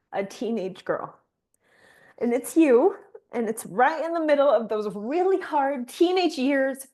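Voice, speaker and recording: A young adult woman gently guiding a reflection exercise, talking softly and emotionally with slow encouraging words. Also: fairly high pitch. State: emotional, near tears. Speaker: fitness coach leading a guided exercise. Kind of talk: guided reflection exercise on a live call.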